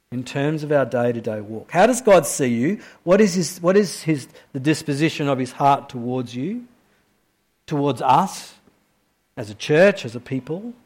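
A male preacher with a notably high-pitched voice delivers a sermon to his church. He shifts between hushed, slow reflection and rising, emphatic questions. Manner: swings from quiet, low reflection to loud, high-pitched questioning.

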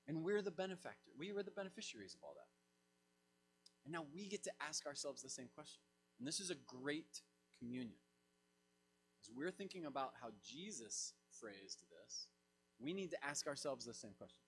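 A man preaching a sermon as pastor, swinging from loud emphatic lines to soft low asides. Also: big pitch swings, moderate pace, a little hiss or hum.

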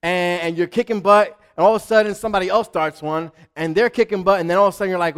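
Animated male preacher, somewhat high voice. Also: quick pace, smooth. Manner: animated preaching, acts out little voices, many restarts. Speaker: pastor. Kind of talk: sermon.

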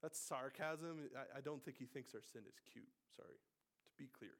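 A man's voice: mid-range voice, moderate pace. Dynamic preacher, a man delivering a sermon. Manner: dynamic, swinging from hushed to loud and emphatic. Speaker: pastor.

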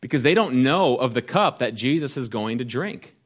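A man preaching a sermon, asking rhetorical questions and slowing down to stress key phrases. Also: medium pitch, expressive. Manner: earnest preaching with rhetorical questions, slows for emphasis. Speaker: pastor.

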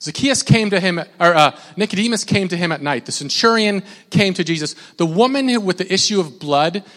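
A man's voice: high voice, lively intonation, fairly quick. Man preaching in an echoing hall. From Minnesota. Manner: conversational, repeats words, mimics shouting. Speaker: pastor. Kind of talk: sermon. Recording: long hall reverb.

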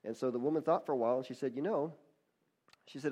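A man's voice: medium pitch, quick pace, warm tone. A man giving a sermon, telling a story with frequent restarts and repeated words, building to fervent praise. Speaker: pastor.

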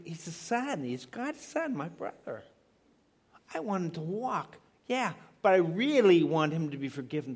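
A middle-aged male preacher with a fairly high voice delivers a sermon. He leans hard on key words, drawing them out slowly. He keeps asking rhetorical questions to pull his listeners in. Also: slightly rough.

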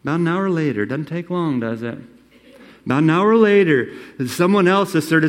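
A man preaching a sermon, acting out quoted lines and swinging between loud, emphatic phrases and hushed ones. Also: a little high, expressive, normal speed. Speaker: pastor.

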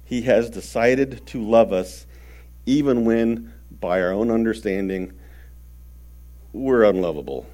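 A man's voice: lowish voice, slow pace. Earnest male preacher giving a sermon. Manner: earnest, emphatic preaching with swings in loudness and repeated words.

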